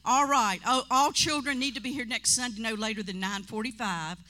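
Bright-voiced chatty woman church leader. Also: fairly high pitch, brisk. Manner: chatty, laughs often, joking asides. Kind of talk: casual church announcements. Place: church sanctuary.

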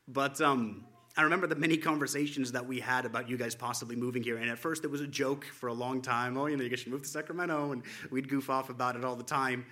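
A man with a forceful, bright tone gives an informal spoken tribute to friends. He tells loose, wandering stories over a slideshow and chuckles often as he goes. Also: mid-range voice. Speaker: church friend presenting a photo slideshow.

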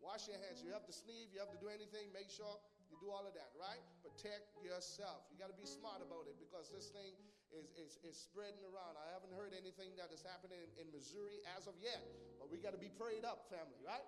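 High-voiced preaching man, music behind. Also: fast. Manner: call-and-response preaching, repeats phrases. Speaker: pastor. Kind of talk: church announcements and sermon.

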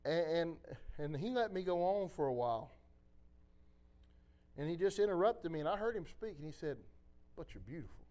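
A man preaching a sermon in a church, switching between impassioned exhortation and quiet, confessional storytelling. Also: a little high, animated, normal speed, long pauses. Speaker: pastor.

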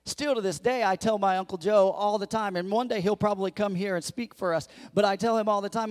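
Guy preaching a sunday sermon, high voice, tells funny stories, acts out the lines. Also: brisk, hardly any pauses, big-room sound. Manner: storytelling, animated, acts out quotes. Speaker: pastor.

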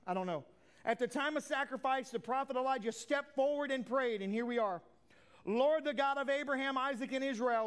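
A man preaching a sermon as a pastor, swinging from loud declarations to hushed asides, with folksy plain talk. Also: extremely high pitch, clean tone.

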